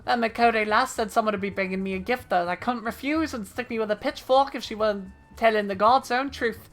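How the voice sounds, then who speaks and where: A woman voicing a boisterous old male pirate sailor who talks in rough sailor dialect. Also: on the high side, fairly quick, faint music behind, pitched above the performer's own voice, natural voice. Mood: gruff.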